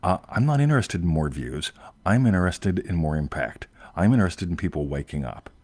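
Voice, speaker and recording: A man's voice: sits low, animated, brisk, a little mellow, husky, no echo. A man hosting a casual chat, rambling and emphatic, often tagging "right?" and swearing offhandedly. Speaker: host.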